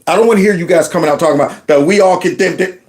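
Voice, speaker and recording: A man hosting reaction commentary, talking in an indignant, animated way and often stumbling over repeated words. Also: high voice, racing. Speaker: commentary host.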